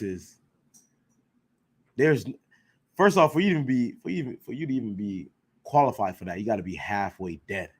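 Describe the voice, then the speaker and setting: Speaking in an ordinary mid-range pitch, this class teacher runs a loose, slangy scripture session. He drives his points home emphatically with rhetorical questions and keeps asking "you know what I'm saying" to make sure everyone is following.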